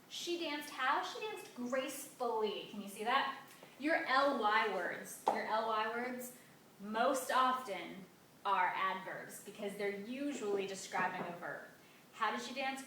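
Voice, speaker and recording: A woman teacher giving a grammar lesson, stressing key words with slow, drawn-out emphasis. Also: on the high side, pushed and bright, a little hiss or hum. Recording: echoey room, mic at a distance.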